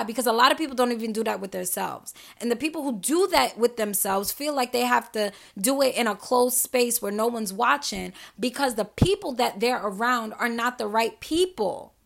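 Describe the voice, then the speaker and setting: Fiery, gravelly-voiced woman podcaster. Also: on the high side, a bit bright. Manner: emphatic, profane, preachy, addresses listeners directly. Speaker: podcast host. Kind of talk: passionate solo podcast monologue.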